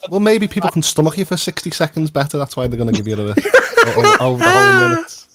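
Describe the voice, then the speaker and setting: A man's voice: on the high side, wildly swooping pitch, fast. A man on a gaming panel, teasing the host in casual chat. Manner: teasing, laughing. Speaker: panel guest. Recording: loud background noise.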